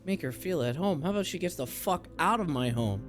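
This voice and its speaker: A man's voice: on the high side, animated, fairly quick. A man streaming a video game, reacting with casual, crude jokes. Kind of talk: casual let's-play commentary. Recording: stream with loud game music behind.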